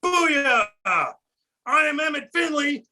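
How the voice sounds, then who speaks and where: Guy doing a cocky little puppet comic, squeaky high voice, yelling jokes. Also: sing-song, takes it slowly, exaggerated voice. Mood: brash. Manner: punny, brash, shouting punchlines. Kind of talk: stand-up comedy with puppet.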